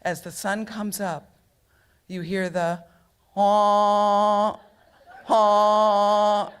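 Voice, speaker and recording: A woman's voice: on the low side, steady tone, slow pace. A middle-aged woman telling a personal story on stage at a local storytelling event, humorous and chatty, full of asides.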